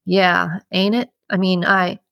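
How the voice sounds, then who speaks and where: A woman voicing a lonely, awkward working man at a bar who stammers, in her own slow reading voice. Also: on the low side, flat delivery, vocal fry, a bit bright, no echo, clean studio sound, full character voice. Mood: eager.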